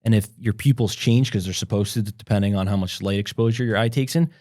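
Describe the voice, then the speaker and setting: A man's voice: fairly low pitch, fast talker, a little mellow, no echo, studio quality. A young man co-hosting a podcast, telling a long story casually, full of "like" and acted-out quotes. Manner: rambling, filler-heavy, acts out quotes. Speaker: podcast co-host.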